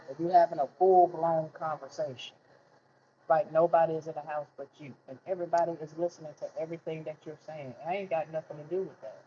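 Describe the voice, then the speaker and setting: A man speaks in a somewhat high, light voice, venting bluntly and swearing freely in a candid monologue. He is heated and plainspoken throughout. The recording is dull and lo-fi, with faint noise underneath. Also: warm tone. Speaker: vlogger telling his life story.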